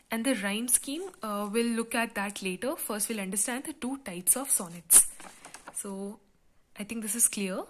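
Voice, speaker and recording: A woman gives a poetry lesson in a slow, unhurried voice that sits a little high. She explains each point patiently, often pausing and filling gaps with "uh" and "so.". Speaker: literature teacher. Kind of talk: classroom lecture.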